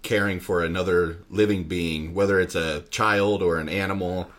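A man hosts a relaxed podcast chat with a fairly low voice. He is upbeat, laughs easily and moves the talk along. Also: moderate pace. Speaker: podcast host. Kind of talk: casual chat.

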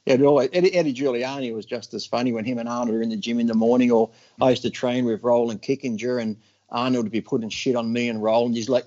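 Animated storytelling man, lo-fi sound. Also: medium pitch, fast. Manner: animated, acts out others' lines in loud bursts. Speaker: podcast guest. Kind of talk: casual storytelling chat.

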